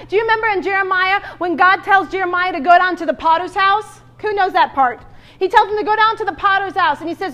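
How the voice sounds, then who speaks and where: A woman pastor delivers a lively sermon in a very high voice. She preaches with animated asides and calls out to the congregation. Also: fairly quick.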